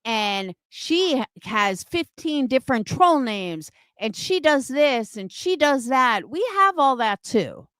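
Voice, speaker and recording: A woman's voice: high-pitched, big pitch swings, takes it slowly, few pauses, fairly bright tone, clear, resonant tone, no room sound, clean studio sound. A woman in her fifties ranting on a livestream, profane and scornful, mocking her critics. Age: 50s. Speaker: livestream host.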